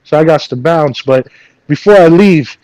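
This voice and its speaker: Young male caller, brags, fills gaps with "hold on", phone mic, highish voice. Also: moderate pace, darkish tone, no room sound, rough recording. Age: 20s. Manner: boastful, keeps saying "listen" and "hold on". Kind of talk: joking call-in banter.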